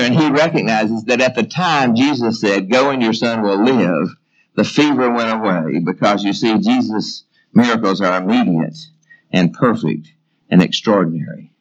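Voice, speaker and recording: Man preaching with slow, weighty refrains. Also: on the low side, dull audio. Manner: repeats questions as refrains, slows down on key phrases. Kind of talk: sermon.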